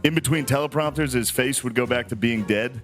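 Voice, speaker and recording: A man in casual chat, telling anecdotes in a loud, sheepish way. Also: mid-range voice, brisk, loud music behind the voice.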